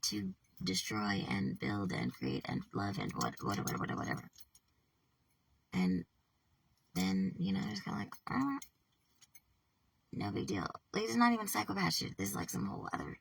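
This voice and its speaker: A woman with a deeply gravelly, rough and breathy voice, talking to camera in a meandering personal vlog. She swears freely, breaks off mid-sentence and slips into whispers. She sits back from the mic in a dry, dead-sounding room. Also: wildly swooping pitch, no echo, far from the mic. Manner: halting, profane, trails off, drops to whispers. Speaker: vlogger. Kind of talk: rambling personal monologue.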